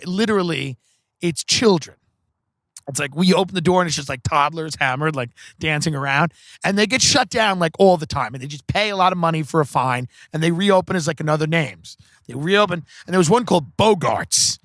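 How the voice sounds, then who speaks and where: High, bright-voiced man telling comic stories. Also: no room sound, studio quality. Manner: casual, profane, rambling with many "like"s. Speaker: podcast host. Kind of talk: comedic storytelling.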